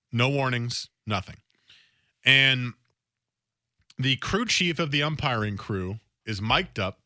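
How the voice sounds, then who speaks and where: A male sports radio host giving a casual, opinionated monologue from the studio. His voice is bright and forceful, and the sound is dry and close. He often repeats words mid-thought. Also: medium pitch, no room sound.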